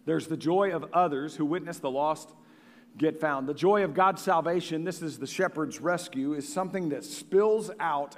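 Man, pastor preaching, high voice, lively then hushed, long church reverb. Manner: animated, folksy preaching with sudden drops to a hush. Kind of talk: sermon. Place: church sanctuary.

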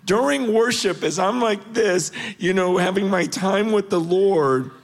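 A middle-aged man giving an earnest, animated personal story as a guest on a panel. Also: measured pace. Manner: earnest, animated storytelling, rising in pitch when intense.

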